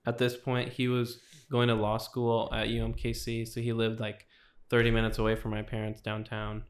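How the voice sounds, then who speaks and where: A man's voice: medium pitch, completely flat delivery, moderate pace. A young adult man, a podcast guest, telling his testimony in a casual, rambling way, constantly filling with "like.". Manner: rambling, fills with 'like' constantly.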